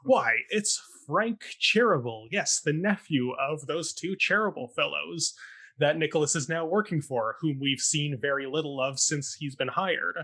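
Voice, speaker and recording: A young man with a bright, forward voice talks through a stage production in casual chat. He is chatty and sarcastic, and he slips into mock quotes of the characters between laughs. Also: on the high side, normal speed. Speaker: podcast co-host recapping a stage production.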